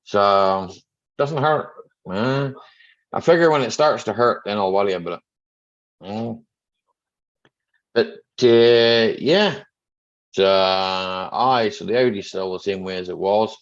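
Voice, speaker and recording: A middle-aged mechanic hosts a rambling, joking livestream chat, greeting viewers by name. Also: male voice, on the low side, slow pace, pauses often. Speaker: mechanic hosting a live chat stream. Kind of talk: casual livestream chat reading viewer comments. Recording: dull lo-fi stream audio.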